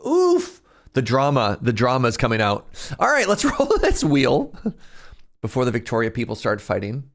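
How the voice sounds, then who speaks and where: A man's voice: mid-range voice, wildly swooping pitch, moderate pace, creaky, fairly bright tone. A man streaming live, chatting casually with his viewers in a jokey, talkative way and laughing often.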